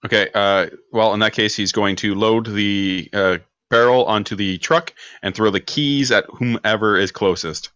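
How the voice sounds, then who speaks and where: A man playing in a tabletop game, describing his action in a hesitant, halting way on a dull, lo-fi microphone. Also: lowish voice, steady tone, sharp tone, smooth, no room sound. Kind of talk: casual game table chat.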